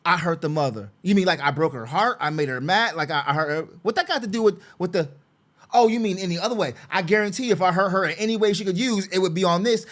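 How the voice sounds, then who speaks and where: Brief: man with a high-pitched voice, a frustrated father talking through his own case, repetitive and sarcastic. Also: quick pace, fairly bright tone. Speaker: father representing himself in a custody case. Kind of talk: casual screen-share walkthrough.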